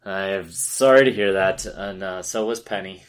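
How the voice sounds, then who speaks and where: A man co-hosting a podcast, listening quietly and laughing along in casual chat. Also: sits low, moderate pace, clear, resonant tone. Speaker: podcast co-host.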